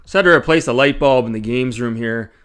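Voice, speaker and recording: A Canadian YouTube channel host chats casually from his home games room, rambling through asides, filling his speech with fillers and retelling things animatedly in a vlog style. He speaks fast in a medium-pitched voice with a clean tone.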